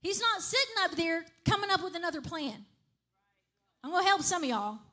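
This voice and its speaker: Brief: woman preacher, high voice, chatty sermon delivery that keeps asking "right?". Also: very animated, brisk, sharp tone. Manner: conversational, repeats "right?" and "okay?" to the congregation.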